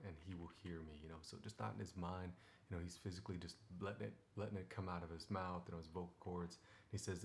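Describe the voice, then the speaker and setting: Deep-voiced man giving a devotional talk. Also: fairly even intonation, creaky, slight background noise. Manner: conversational, many "you know"s, reads verses slowly. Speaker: Bible teacher.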